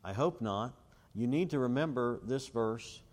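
A man preaching a sermon in a church, his voice carrying a long reverb through the hall. He speaks at a middling pitch, emphatic and pressing, often ending a question for the listeners to complete. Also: expressive, a little slow, a little mellow. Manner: emphatic, asks rhetorical fill-in questions.

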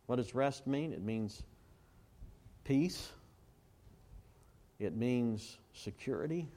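Male pastor preaching, asks the congregation questions and answers them himself, quotes scripture slow. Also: medium pitch, lively intonation, mellow. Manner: call-and-response questions to the congregation; quotes scripture and recites hymn lyrics slowly. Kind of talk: sermon.

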